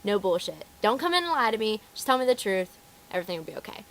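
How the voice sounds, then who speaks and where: A woman's voice: mid-range voice, big pitch swings, quick pace, fairly bright tone. A young woman who works retail, telling stories about rude customers in a casual vlog and acting out their voices. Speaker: retail phone store worker.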